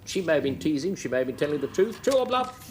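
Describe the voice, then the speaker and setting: A man chairing a panel game show with a brisk, wry manner. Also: a little high, sing-song. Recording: noisy 1980s TV studio with audience.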